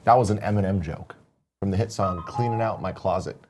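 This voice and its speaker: A man's voice: low-pitched, brisk, music in the background. A young man co-hosting a morning talk show, chatting casually, swearing freely and mimicking lyrics in put-on voices. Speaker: podcast co-host. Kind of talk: casual chat.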